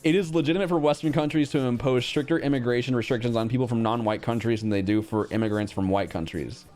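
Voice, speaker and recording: A man chatting casually on a livestream, blunt and profane, quick to react. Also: mid-range voice, darkish tone, soft background music. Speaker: streamer.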